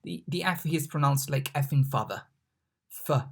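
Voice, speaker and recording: A teacher giving an online Italian lesson, slowly and patiently sounding out letters and repeating words. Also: mid-range voice, creaky, husky.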